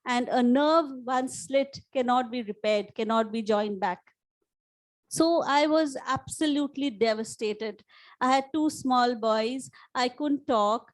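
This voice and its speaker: A middle-aged woman with an Indian English accent and a slightly husky voice, telling a personal story in an earnest motivational talk to a live audience. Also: a little high, unhurried, rough recording. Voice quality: slightly husky after vocal cord damage. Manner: earnest storytelling, rising emphasis on key points. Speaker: life coach. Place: conference hall before a live audience.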